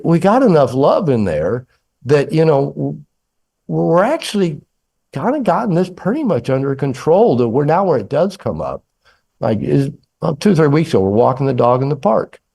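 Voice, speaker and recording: A man's voice: on the high side, big pitch swings, normal speed, vocal fry, a little mellow. An older man, an author and therapist, telling candid personal stories in a podcast interview, acting out dialogue with self-deprecating humor. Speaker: author and psychotherapist guest.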